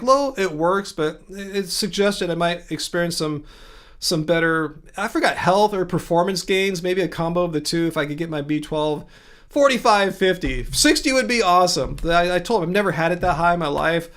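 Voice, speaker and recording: A man hosting a casual livestream, chatting, laughing often and answering viewers in the chat. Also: a little high. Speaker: livestream host.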